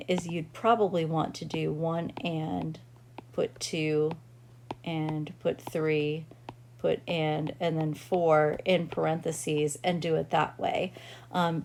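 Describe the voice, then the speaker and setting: Slow, patient woman teaching music. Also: lowish voice, darkish tone, a little hiss or hum. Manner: patient, reassuring, counts rhythms aloud. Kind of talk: classroom-style music lesson.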